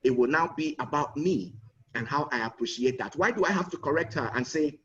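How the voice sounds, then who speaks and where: A man's voice: on the high side, brisk. A man giving an earnest conference talk as a guest speaker, often repeating words as he builds a point. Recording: distant muffled online audio.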